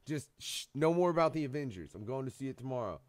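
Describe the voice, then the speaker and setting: A man hosting a radio show, joking loudly and swearing constantly in casual chat. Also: medium pitch, animated, quick pace, a crowd in the background. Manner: loud, joking, swears a lot.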